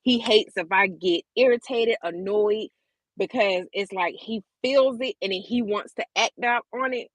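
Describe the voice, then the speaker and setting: A woman's voice: mid-range voice, a little slow, no room sound. A woman vlogger speaking openly and emotionally to her viewers, repeating words for emphasis. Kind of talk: candid personal talk to camera.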